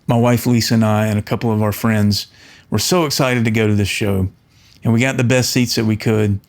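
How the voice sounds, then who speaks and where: A man's voice: lowish voice, brisk. A middle-aged man, an audio engineer, talking earnestly to camera and telling a story, often restarting his words. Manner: earnest, storytelling, with frequent restarts and animated quoted voices. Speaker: audio engineer and channel host. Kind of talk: casual talk to camera.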